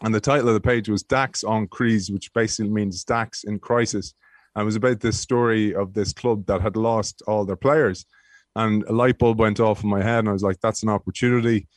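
Male guest, 30s, low-pitched anecdotal storyteller, dry close mic. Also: normal speed, dry recording. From Ireland. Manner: animated storyteller with frequent restarts. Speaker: guest, former rugby player.

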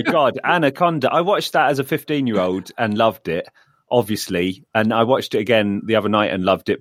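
A man's voice: fairly low pitch, no echo. Chatty man, dry close sound. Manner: enthusiastic, laughing storyteller. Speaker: podcast co-host. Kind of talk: casual chat. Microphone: remote call recording.

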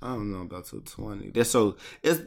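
A man chatting casually about a wrestling show, excitable and rambling, with halting restarts. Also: fairly low pitch, vocal fry.

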